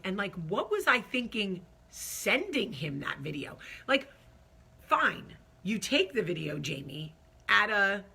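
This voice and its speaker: A woman host telling a funny story in an animated, self-deprecating way, acting out the quotes. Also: mid-range voice, slightly rough. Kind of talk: comic storytelling.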